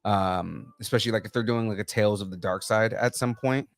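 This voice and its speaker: A man's voice: on the low side, steady tone, fairly quick, dry recording. A man co-hosting a casual pop culture podcast, talking enthusiastically and rambling with lots of fillers. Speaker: podcast co-host.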